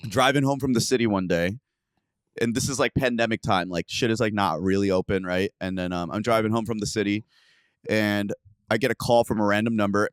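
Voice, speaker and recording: A young man hosting a podcast, casually telling a story with lots of profanity and sudden loud outbursts. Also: on the low side, smooth, dry recording, studio quality. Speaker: podcast host.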